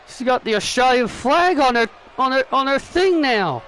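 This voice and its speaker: A young man giving excitable fan play-by-play commentary over a wrestling video game at home. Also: very high voice, normal speed, hardly any pauses, slight background noise. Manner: excitable fan commentary, often calling out the action. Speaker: gaming YouTuber.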